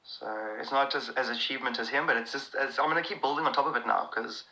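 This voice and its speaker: Speaking quickly at a medium pitch, this male South African comedian answers viewer comments during a casual live stream. The recording is rough, and his excitable, rambling replies are full of restarts.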